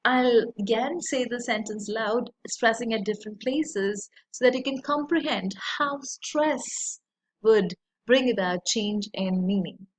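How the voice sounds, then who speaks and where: A woman, teaching a lesson in a slow, deliberate way, with many fillers. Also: a little high. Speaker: English teacher. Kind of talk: recorded lecture.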